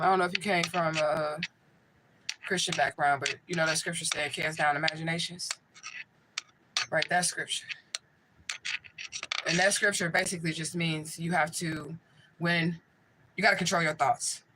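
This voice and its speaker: A woman's voice: low voice, steady tone, moderate pace, long pauses, noisy background. A woman working as a spiritual medium, hosting a casual livestream and answering viewers' chat in a blunt, profane way.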